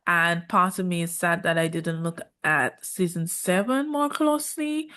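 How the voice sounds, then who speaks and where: A woman's voice: fairly low pitch, a little slow, few pauses, loud music behind the voice. A woman, reviewing a reality show in casual commentary, sassy and sarcastic, slipping into mocking quoted voices.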